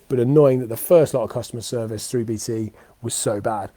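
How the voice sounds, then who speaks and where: A man's voice: medium pitch, fairly even intonation, rapid-fire, dark tone, no echo. A young British man hosting his weekly live talk show, chatting off the cuff in a rambling way with lots of ums and restarts. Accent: British English. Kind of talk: unscripted casual monologue. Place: at home with dogs.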